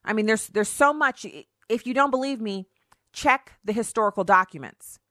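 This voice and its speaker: A woman hosting a talk radio show, giving animated opinion commentary and mocking opponents in put-on voices. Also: on the high side, moderate pace, dry recording, studio quality.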